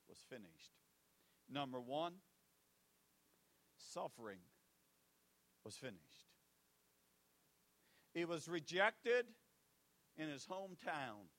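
Dramatic preacher, slow and bright-voiced. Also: male voice, fairly high pitch, no room sound. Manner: dramatic, swings between loud declarations and hushed asides, repeats phrases. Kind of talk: sermon.

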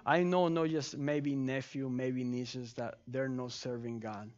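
A man's voice: medium pitch, steady tone, a little slow, a little mellow, highs cut off. A male pastor leading a sermon and altar prayer, pleading fervently and repeating his cries to God. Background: keyboard music.

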